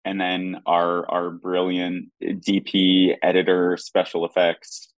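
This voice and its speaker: A man's voice: sits low, completely flat delivery, slow pace, dry recording. A man, an actor and producer, chatting animatedly as a guest, with lots of restarts. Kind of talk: casual interview chat.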